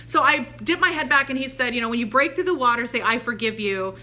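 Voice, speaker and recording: A woman's voice: fairly high pitch, quick pace. A woman telling a spiritual story in a casual, chatty way, acting out the voices of the people in it. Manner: chatty, animated, quotes voices in her anecdotes. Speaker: spiritual channeler.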